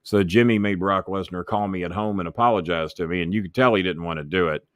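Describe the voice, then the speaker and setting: Speaking quickly in a low voice, a man who once managed wrestlers shares profanity-laced backstage anecdotes as an interview guest. He mimics the people he quotes, and the studio-quality recording has no echo.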